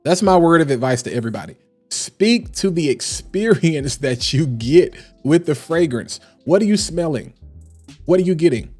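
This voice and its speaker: A man reviewing fragrances on a casual live stream, talking in an animated, emphatic and slangy way. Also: on the high side, moderate pace, faint music behind.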